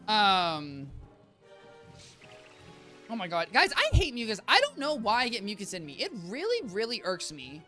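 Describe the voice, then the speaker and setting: Bright, lively young woman streamer. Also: medium pitch, moderate pace, faint music behind. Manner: rambling, playful, talks straight to chat. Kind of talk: casual gameplay chatter. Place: home apartment.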